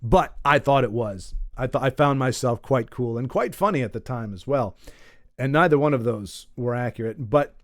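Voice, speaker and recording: A man's voice: mid-range voice, normal speed, no room sound, studio quality. A man hosting a comedy podcast, telling rambling stories with self-deprecating asides and lots of trailing off. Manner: pained yelps while wincing. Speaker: podcast host.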